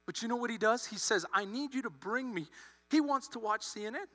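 A man preaching with a very high, sharp, ringing voice, acting out the characters as he tells the story. His sermon echoes with a long reverb through a church hall over a low mains hum. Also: brisk. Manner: animated, acts out characters' lines. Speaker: pastor.

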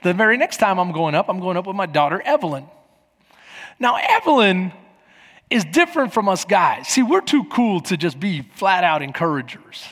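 A man's voice: high-pitched, normal speed. A man from Texas, preaching a sermon in a church and acting out the people in his stories. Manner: animated, acts out quoted voices. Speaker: pastor. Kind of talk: sermon with storytelling. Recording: echoey hall.

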